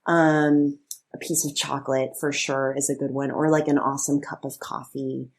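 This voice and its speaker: A woman in her thirties co-hosts a podcast in relaxed, chatty conversation. Her voice sits low and a little husky. She talks loosely, with plenty of fillers and easy laughter. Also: normal speed. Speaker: podcast co-host. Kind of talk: casual chat.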